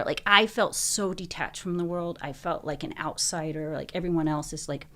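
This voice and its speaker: A woman with a low voice for her sex speaks as a podcast guest, telling her own story. She sounds earnest and emotional, and she fills her speech with a lot of likes and you-knows. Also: moderate pace, fairly bright tone. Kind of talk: personal storytelling in a podcast interview.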